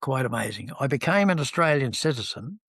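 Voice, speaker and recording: A man's voice: medium pitch, very animated, fairly quick, fairly bright tone, husky, no echo. A man, telling rambling stories as an interview guest, with lots of ums. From New Zealand. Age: 70s. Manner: rambling, anecdotal, with many ums. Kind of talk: relaxed storytelling in conversation.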